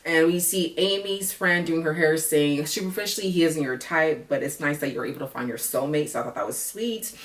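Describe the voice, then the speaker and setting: A woman recapping a reality dating show in a casual vlog, chatty and blunt, cursing freely and jumping into excited high exclamations. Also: brisk, few pauses, roomy sound, recorded from a distance.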